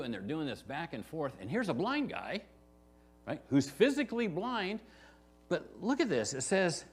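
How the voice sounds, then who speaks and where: A man's voice: a little high, very animated, normal speed. A man preaching a verse-by-verse sermon as pastor, talking to the congregation in a conversational way and often asking "right?". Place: church sanctuary.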